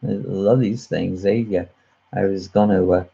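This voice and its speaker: Man hosting a live chat, husky low voice, rambling with fillers, dull webcam mic audio. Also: fairly even intonation, measured pace, dark tone. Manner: chuckling, many uh fillers and restarts. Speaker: host of a live chat show. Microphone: computer webcam mic.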